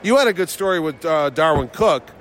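A man's voice: fairly high pitch, expressive, brisk, fairly bright tone, a little hiss or hum. Teasing man at an outdoor comic con. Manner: joking, teasing, tells stories with acted-out quotes. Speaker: convention promoter and host. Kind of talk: casual chat.

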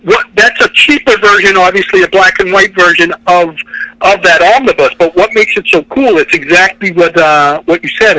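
Excitable male podcast co-host with a bright, high voice that trips over its own words. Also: no echo, rough recording. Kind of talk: casual chat.

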